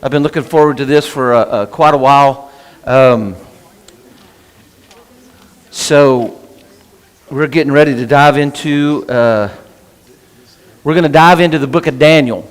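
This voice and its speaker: A man's voice: fairly high pitch, normal speed, long pauses, clear, resonant tone, big-room sound. A man teaching a casual Bible class in church, chatty, breaking off his own sentences and asking "right?" often. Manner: chatty, self-interrupting, asks "right?" often. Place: church meeting room.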